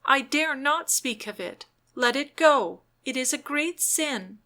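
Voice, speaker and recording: A woman voicing an earnest, pious young noblewoman in a storybook, speaking in a hushed, pleading, wistful way. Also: high voice, expressive, slow, voice pushed up, heavily acted.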